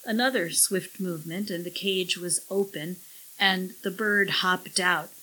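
A woman narrating a science-fiction story in measured audiobook style. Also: on the low side, pushed and bright, husky, low-quality recording.

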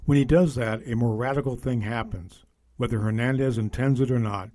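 Guy reading an article out loud, even steady delivery, mid pitch. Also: brisk. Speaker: narrator reading a magazine feature aloud. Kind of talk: scripted narration.

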